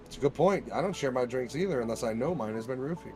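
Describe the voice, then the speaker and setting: A man co-hosting a casual chat, joking in an animated, profane way. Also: mid-range voice, fast talker, hardly any pauses, over music.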